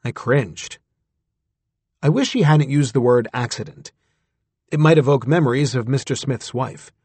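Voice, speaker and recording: A man with a husky voice narrating a story in the first person, in a close, dry recording. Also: medium pitch, lively intonation, unhurried, darkish tone, no echo. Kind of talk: scripted audiobook narration.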